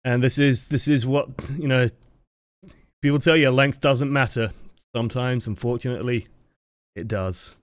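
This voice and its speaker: A man coaching players through a gameplay review, blunt and sweary with lively reactions, close to his microphone. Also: medium pitch, normal speed, smooth, no room sound. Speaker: game coach reviewing footage. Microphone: close desk microphone.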